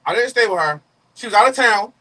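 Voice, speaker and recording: A young man in casual gossip chat, excitable and profane, cutting in often. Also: sits high, rough recording. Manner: excitable, profane, quick to interject.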